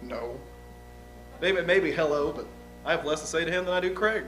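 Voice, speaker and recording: A man's voice: on the high side, moderate pace, fairly bright tone, faint music behind, natural voice. A man playing a young, uneducated outlaw on the witness stand, talking in a folksy, rambling, hesitant way. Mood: guarded. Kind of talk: improvised courtroom drama.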